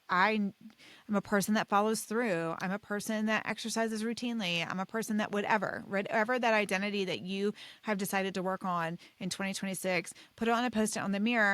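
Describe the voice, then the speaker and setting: A woman's voice: medium pitch, fairly bright tone, dry recording. Chatty, upbeat woman podcast host. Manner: encouraging, chatty, many fillers like "like" and "okay?". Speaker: podcast host and weight loss doctor. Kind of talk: casual solo podcast coaching talk.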